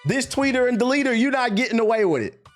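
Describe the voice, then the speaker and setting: A man's voice: extremely high pitch, fast talker, faint music behind. A young man, ranting in casual, profane stream commentary. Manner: animated, slangy, profane rant. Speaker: streamer and content creator.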